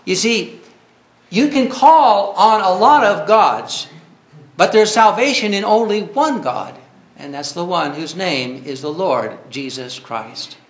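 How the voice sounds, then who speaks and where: A man's voice: sits high, lively intonation, slow, roomy sound. A man preaching a sermon earnestly, reading scripture and rising to cries when he quotes.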